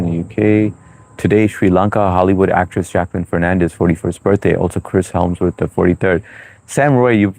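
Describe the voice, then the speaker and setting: Low-voiced man hosting a casual livestream. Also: a little mellow, no room sound. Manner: chatty and loose, with frequent "uh" and "you know". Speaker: livestream host. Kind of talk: casual livestream chat, reading viewer comments aloud.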